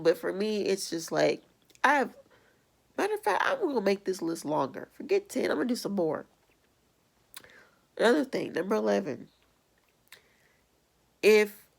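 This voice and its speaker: A woman's voice: fairly low pitch, vocal fry. A young adult woman vlogger ranting bluntly and with exasperation in a casual video. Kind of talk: casual vlog rant.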